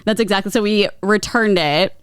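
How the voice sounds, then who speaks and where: A woman's voice: mid-range voice, normal speed, smooth, no room sound, clean studio sound. A woman co-hosting a podcast, chatting casually with lots of laughter and filler words. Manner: chatty, giggly, lots of likes. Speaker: podcast co-host. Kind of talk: casual chat.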